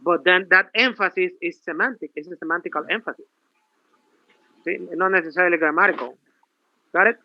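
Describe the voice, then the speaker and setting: High-voiced professor lecturing on grammar. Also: male voice, brisk, pauses often, dry recording, lo-fi sound. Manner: lively, repetitive, rhetorical questions.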